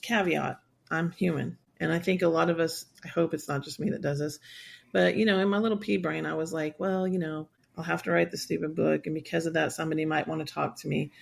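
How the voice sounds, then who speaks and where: A woman in her sixties, speaking in a podcast interview with a gravelly edge to her voice. She tells a personal story in a candid, rambling way. She slips into quick quoted voices of herself and others. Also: low voice, fairly even intonation. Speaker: guest, survivor advocate.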